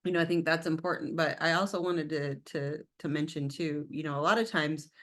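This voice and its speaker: A middle-aged woman co-hosting a casual talk show, lively and teasing, laughing easily. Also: low voice, brisk. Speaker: co-host. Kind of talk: casual chat.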